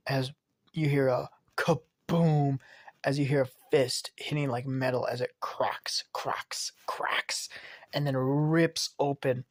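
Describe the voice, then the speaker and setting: A man's voice: mid-range voice, level tone, slow, no room sound, studio quality. A man narrating a made-up story in a rambling, half-whispered way.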